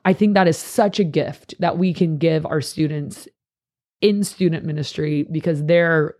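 This is a youth pastor chatting on a podcast with plenty of passion. The voice sits at a middling pitch and bursts into small acted-out quotes as the points stack up. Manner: passionate, animated, quick to act out quotes. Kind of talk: casual podcast chat.

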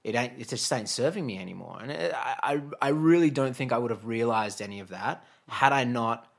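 A man's voice: mid-range voice, brisk, vocal fry. A man, telling a long personal story as a guest in a casual interview, chatty and laughing, with many fillers and restarts.

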